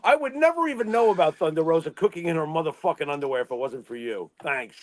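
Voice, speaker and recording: A man's voice: a little high, lively intonation, quick pace, no room sound. A man co-hosting a casual wrestling talk show, sarcastic and swearing freely. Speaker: co-host.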